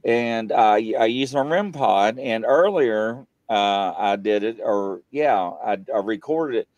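In a dry, lo-fi recording, a man slowly relates a paranormal story during a casual chat. As a paranormal show guest, he brings energy to it, acting out quotes with dramatic jumps in his voice.

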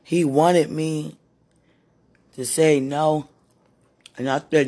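A woman with a hoarse, husky voice, worn from preaching and crying, talking casually to God in a prayerful monologue and calling out to him between sentences. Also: deep voice, fairly even intonation, drawn-out words, long pauses, dark tone. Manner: talks to God aloud, breaks into moans and exclamations. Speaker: street preacher.

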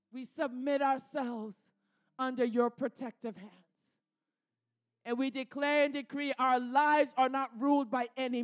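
High-voiced lady pastor praying hard, slow and fervent, repeats lines over and over. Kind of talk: sermon prayer.

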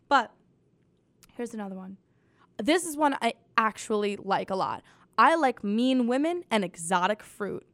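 A woman's voice: fairly high pitch, fairly bright tone, no room sound. A young woman hosting a casual comedy podcast, sarcastic and swearing freely, mocking quotes in put-on voices. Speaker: podcast host.

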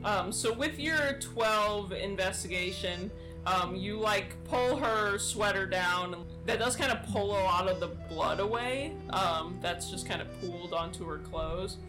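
Woman, game master, tabletop game, relaxed, ums, mid pitch, music underneath. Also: a little slow. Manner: relaxed, with many fillers and laughs.

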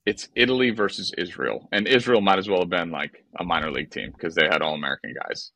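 A lower-pitched man with a bright, forceful tone tells stories on a podcast in a profane, exasperated style. The mic is close and the sound is dry. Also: fast, no room sound, rough recording. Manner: animated, profane, exasperated storytelling. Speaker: podcast co-host, former baseball player. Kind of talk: casual podcast storytelling.

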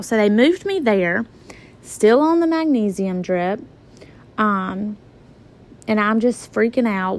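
A woman in her twenties casually retelling a personal story in a conversational way, acting out her own reactions. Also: fairly high pitch. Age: 20s.

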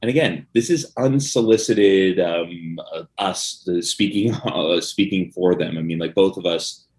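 A man's voice: low voice, a little slow, a little mellow. A man co-hosting a podcast in casual chat, joking, laughing often and rambling with fillers. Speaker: podcast co-host.

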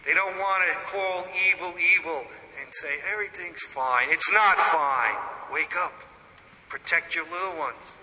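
Male preacher, slightly high, very bright tone, heated sermon delivery with sudden hushed drops. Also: a little slow. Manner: impassioned, swings from loud declarations to hushed asides. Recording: long hall reverb.

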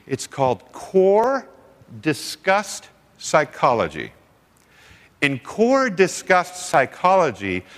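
A man preaching a sermon to a seminar audience, telling stories and acting out quoted voices. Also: on the high side. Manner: animated storytelling with acted-out quotes. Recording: long hall reverb.

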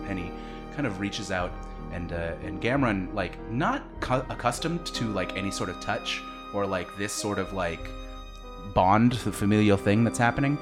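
Brief: a deep-voiced game master narrating loosely, with fillers and restarts. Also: male voice, animated, normal speed, music in the background. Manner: rambling, with many fillers and restarts.

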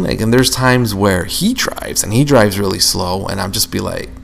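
A man's voice: lowish voice, normal speed, vocal fry, few pauses, a little hiss or hum. A young man hosting a casual solo podcast, rambling and venting with lots of swearing. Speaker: podcast host.

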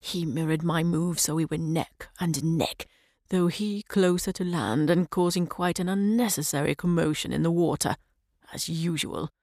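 A woman reading a short story aloud as a measured first-person narration, sometimes dropping to a soft whisper. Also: deep voice, no echo, studio quality. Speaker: audiobook reader.

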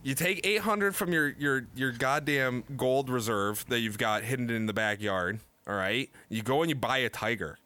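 A man co-hosting a casual podcast, ranting loudly and laughing often. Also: mid-range voice, normal speed, few pauses, no echo. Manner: loud, animated ranting with frequent laughs. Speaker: podcast co-host. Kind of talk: casual profane podcast banter.

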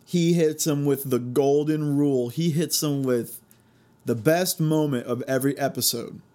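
A young man hosting a casual solo podcast, telling stories in an animated, gleeful way and laughing often. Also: fairly high pitch, moderate pace. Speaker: podcast host.

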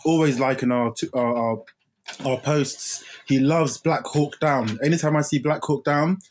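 A man co-hosting a casual film podcast, relaxed and laughing often, a bit tired after the gym. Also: mid-range voice, unhurried, a little hiss or hum. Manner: laid-back, laughs often, repeats phrases. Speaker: podcast co-host.

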